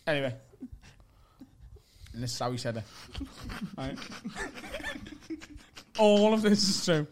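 A man, a guest comedian telling a comic story in an animated way, often asking "right?" and acting out what people said. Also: on the high side, slow, long pauses, background noise. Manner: animated, keeps asking "right?", acts out quotes.

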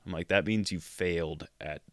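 A man's voice: low-pitched, moderate pace, no room sound, clean studio sound. A man co-hosting a podcast, rambling in laid-back, casual chat. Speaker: podcast co-host.

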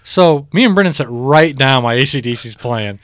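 On a podcast he co-hosts, a man tells concert stories in casual chat, profane and animated. His voice is medium-pitched and a little fast, recorded in clean studio sound with no echo.

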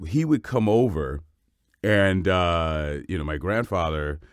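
A man in his fifties from Cleveland with an extremely low, rumbling bass voice. He talks in a loose, wandering way, circling back and correcting himself. The sound is dry and close. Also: expressive, slow, clean tone, no room sound. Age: 50s. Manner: digressive, full of restarts and asides. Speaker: voice actor and guest. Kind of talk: rambling interview answer.

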